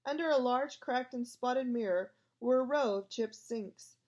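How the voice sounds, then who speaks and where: A woman's voice: on the high side, unhurried, a little mellow, muffled recording. A woman narrating a storybook aloud and voicing every part herself. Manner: reads all parts herself. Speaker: audiobook reader.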